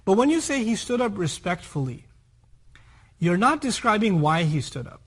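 High, husky man teaching a Quran lesson. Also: normal speed. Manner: explains by contrast and example, with lively humorous asides; checks in with listeners. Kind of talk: explanatory religious lecture.

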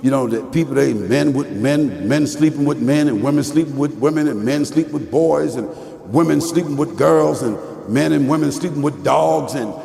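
A preacher delivers a sermon to a congregation, his somewhat high voice rising into shouted lines and falling back to low asides. He keeps pressing his listeners with "right or wrong?" The sound rings with long reverb, as if in a large hall. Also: normal speed, gravelly, a crowd in the background. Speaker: Muslim preacher. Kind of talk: televised sermon.

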